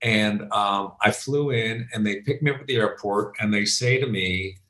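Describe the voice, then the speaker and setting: A male comedian chatting as a guest from home, telling animated stories and acting out the voices of the people in them. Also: fairly low pitch, moderate pace, echoey room. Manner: animated storyteller, acts out quoted voices. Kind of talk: casual chat. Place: his home. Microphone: remote call.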